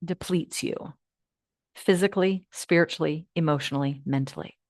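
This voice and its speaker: A woman hosting a live online class, guiding listeners through affirmations in a coaching manner that moves between hushed and lively. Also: low-pitched, normal speed, no room sound, studio quality. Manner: warm coaching, swings from hushed to animated. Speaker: host of an uplift program.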